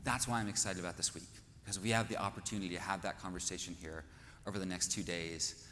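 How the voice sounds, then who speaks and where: A man's voice: deep voice, steady tone, quick pace, fairly bright tone. Kansas guy hosting a conference on stage, rousing and earnest, big hall echo, faint hum behind. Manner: earnest, rousing, rhetorical questions. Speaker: conference host. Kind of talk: inspirational conference speech. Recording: echoey hall with faint noise.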